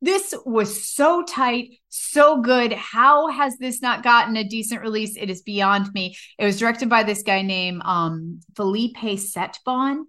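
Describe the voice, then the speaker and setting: A woman's voice: fairly high pitch, measured pace, few pauses, fairly bright tone. A woman co-hosting a podcast, chatting casually and enthusiastically, swearing freely. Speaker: podcast co-host. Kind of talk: casual chat.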